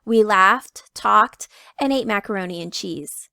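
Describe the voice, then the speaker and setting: A woman reading a picture book aloud to children, telling it in the first person with expressive emphasis. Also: mid-range voice, a little slow, gravelly, no room sound, studio quality. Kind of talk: read-aloud storytelling.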